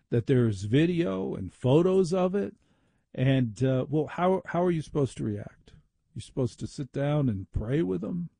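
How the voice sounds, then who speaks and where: Gravelly, dark-voiced opinionated radio host man. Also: medium pitch, no room sound, clean studio sound. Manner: opinionated, indignant and sardonic. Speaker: radio talk show host. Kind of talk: talk radio monologue.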